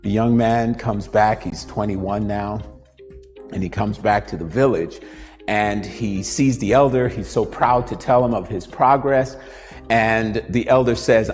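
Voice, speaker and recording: A man hosting a talk, telling a story in an animated, conversational way and then leading a live demonstration. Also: on the low side, unhurried, long reverb tail, faint music behind. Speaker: host and motivational speaker.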